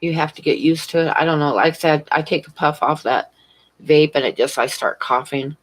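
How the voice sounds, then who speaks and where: A woman with a low voice and fairly even intonation talks briskly over poor audio. She's a convenience store clerk on a casual home live stream near a fish tank, a chatty, rambling storyteller who laughs a lot.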